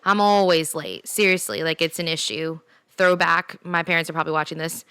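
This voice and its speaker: A young woman talks through a personal story on her own podcast, candid and chatty. Her voice sits a little low but sounds bright and smooth. The recording is dry and close. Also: a little fast, no echo. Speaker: podcast host. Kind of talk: solo casual podcast talk.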